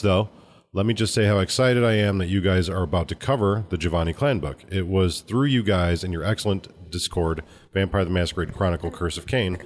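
A man co-hosting a casual podcast, reading a listener's letter aloud and chatting about a tabletop game book. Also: sits low. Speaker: podcast co-host.

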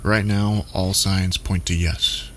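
A man voicing a grim neighbor who speaks in a flat, matter-of-fact way. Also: low-pitched, slow pace, a little hiss or hum.

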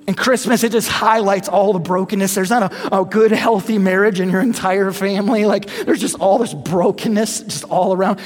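A man's voice: high voice, steady tone, moderate pace, few pauses. A man in his thirties, a pastor giving a sermon in a conversational way, repeating rhetorical questions to the congregation. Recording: reverberant hall.

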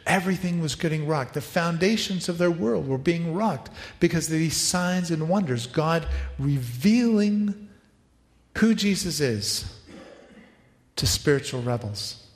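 A man preaching a sermon, animated, acting out quoted voices and making asides to helpers. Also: fairly high pitch, a little slow. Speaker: pastor. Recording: echoey hall, reverberant.

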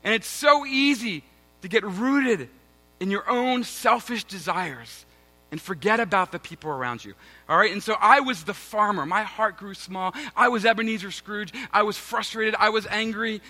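High, bright-voiced pastor preaching casually. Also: male voice, moderate pace. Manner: self-mocking, conversational, addresses congregation as guys. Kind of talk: sermon with personal story.

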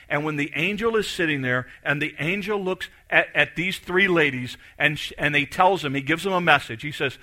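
A middle-aged man preaching a sermon with a very bright, ringing voice pitched a little high. He tells the story lively, acting out the people in it, and sinks to a soft, low tone on the words that matter. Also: moderate pace, few pauses. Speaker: pastor.

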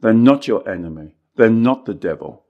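A man's voice: on the low side, lively intonation, moderate pace, dull audio. A middle-aged man, a life coach, explaining his method in an earnest, repetitive podcast talk.

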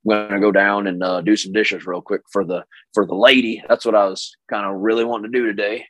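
Man doing a country husband, Oklahoma accent, drawling, lower pitch, husky, hoarse, dry sound. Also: little pitch movement, fast talker, fairly bright tone, dry recording. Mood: lazy agreeable. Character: slow-talking country husband agreeing to chores.

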